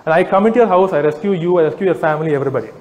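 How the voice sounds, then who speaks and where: A man giving a persuasive talk to a live audience, animated and teasing, peppering them with rhetorical questions. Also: fairly high pitch, very fast. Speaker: speaker addressing a live audience. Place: large hall with audience. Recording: echoey hall, faint background noise.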